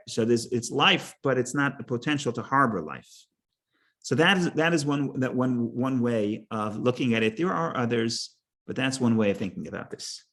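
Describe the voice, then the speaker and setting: A man teaching a Torah class, halting, repeating words and restarting, and explaining with stories and jokes. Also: medium pitch, fairly bright tone.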